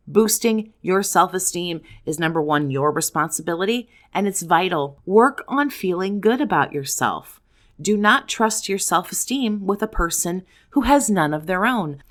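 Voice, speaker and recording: A woman hosting a self-help video, giving blunt, profane advice to the camera in strings of rhetorical questions. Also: fairly low pitch. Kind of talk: direct-to-camera advice talk.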